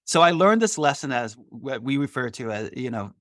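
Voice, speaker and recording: Animated male litigation attorney. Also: medium pitch, normal speed, no room sound, studio quality. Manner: animated, acts out quoted dialogue. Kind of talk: interview storytelling.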